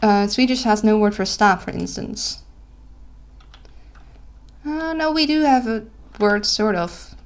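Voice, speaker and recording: A woman's voice: medium pitch, expressive, slow pace, long pauses, clear, resonant tone. Tired, giggly Dutch-accented woman streamer. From Netherlands. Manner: giggly, self-correcting, apologetic. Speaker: live streamer. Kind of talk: casual live-stream chat.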